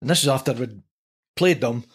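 Husky older Scottish man telling stories. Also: medium pitch, brisk. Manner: animated anecdote-telling with swearing and laughter. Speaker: podcast guest, former player. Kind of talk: casual storytelling.

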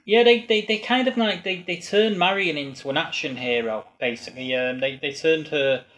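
A man's voice: on the high side, moderate pace, fairly bright tone. A man chatting casually on a podcast, rambling with many restarts and fillers.

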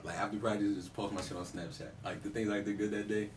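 A man's voice: lowish voice, level tone, quick pace, echoey room, a little hiss or hum. A young man, a college football player, teasing his teammates in slangy casual chat. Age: young adult.

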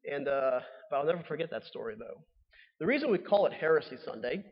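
A young man, a newly ordained priest giving a relaxed, conversational homily with fillers and playful asides. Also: a little high. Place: church. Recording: dull sound with long reverb in a church.

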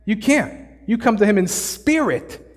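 High-voiced man preaching in a reverberant hall. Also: lively intonation, a little slow. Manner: conversational, joking, slangy preaching. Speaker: pastor. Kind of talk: sermon. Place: church sanctuary.

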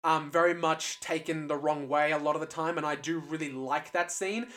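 Australian guy, slightly higher voice, rambly film-talk co-host who restarts his sentences a lot. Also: steady tone, normal speed, a bit bright. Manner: rambling, many restarts and fillers. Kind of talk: casual film discussion.

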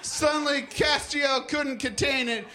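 A man's voice: extremely high pitch, steady tone, unhurried, sharp tone, soft background music. A man reading comic fan fiction aloud to a comedy club crowd with mock drama.

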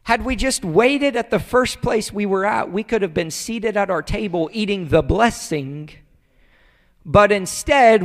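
A male pastor preaching a conversational sermon, acting out little dialogues and swinging between loud outbursts and hushed, emotional moments. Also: high voice, long reverb tail.

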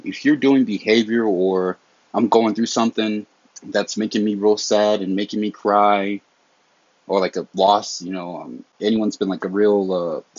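A man's voice: sits low, darkish tone, no echo. A young man from the American South with a Southern accent, hosting a casual solo podcast and talking in a candid, slangy, earnest way. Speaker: podcast host. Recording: dull lo-fi dry sound.

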